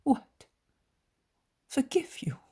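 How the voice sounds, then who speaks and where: A woman voicing a tender, distressed grieving mother, whispering softly in short paused sentences, in whispered role-play.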